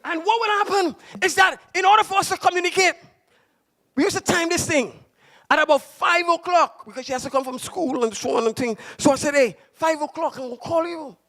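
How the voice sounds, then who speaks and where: Man, pastor, very high voice, gravelly edge, passionate shouting sermon. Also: brisk. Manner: impassioned, shouting preaching with storytelling.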